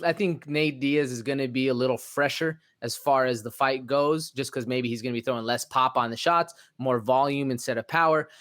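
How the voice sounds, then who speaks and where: A man co-hosting a sports podcast, talking in a relaxed, slangy way with plenty of fillers. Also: medium pitch. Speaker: podcast co-host. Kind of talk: casual sports podcast chat.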